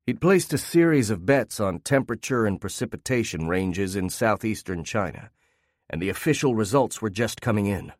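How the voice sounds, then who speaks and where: A man narrating a fiction story in a measured, steady reading on a close mic. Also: lowish voice, no echo.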